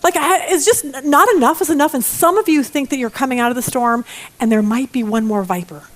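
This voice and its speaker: High-voiced, lively woman teaching Bible study. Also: a little fast. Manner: lively, expressive, joking asides. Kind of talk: animated Bible lesson.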